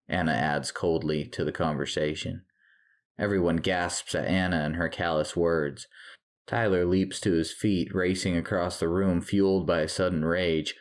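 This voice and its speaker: A man with a very low voice narrates a horror story in a measured, dramatic read. It is scripted storytelling for a podcast. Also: steady tone.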